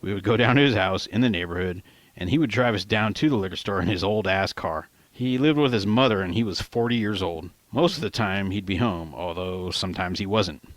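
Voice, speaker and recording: A man narrates his own novel in a casual, conversational way, with slang slipping in. His voice sits fairly low. The recording is close and dry, with no room sound. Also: fairly quick, dry recording. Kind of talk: audiobook narration.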